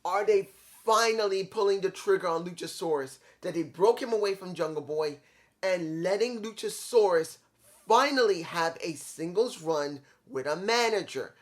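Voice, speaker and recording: This is a solo video review in which a man gives his strong opinions on a wrestling show, driving his points home repeatedly with short, punchy phrasing. He has a high, animated voice and a moderate pace.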